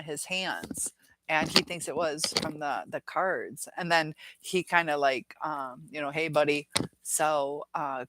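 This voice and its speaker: A woman's voice: low voice, background noise. A middle-aged woman hosting a casual livestream, rambling through viewer comments with many fillers and laughs. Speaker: livestream host.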